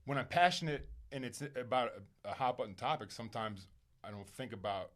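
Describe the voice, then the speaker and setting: A man speaking candidly as a podcast guest, emphatic and animated at times, then quiet and reflective, swearing casually and using plenty of fillers. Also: medium pitch, brisk. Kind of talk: candid conversational interview.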